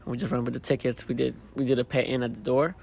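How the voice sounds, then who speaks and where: Hoarse, gravelly DJ who lost his voice. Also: medium pitch, flat delivery, quick pace, darkish tone. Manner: tired, laid-back, rambling with fillers. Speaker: DJ and show organizer. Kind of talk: casual post-show interview. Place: at a live event venue after a show.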